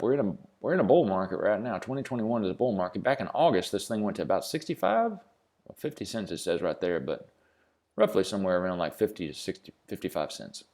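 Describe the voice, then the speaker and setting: A man's voice: deep voice, very animated, quick pace, a little mellow. A man hosting a casual crypto video, reading a script and then rambling, swearing and joking about himself. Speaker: crypto channel host. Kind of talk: casual screen-share commentary.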